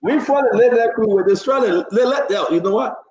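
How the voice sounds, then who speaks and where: Animated man hosting a talk show. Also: high-pitched, fast, reverberant, dull audio, a loud crowd. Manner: animated, laughing and teasing. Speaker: show host. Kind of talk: live political talk show. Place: New Jersey.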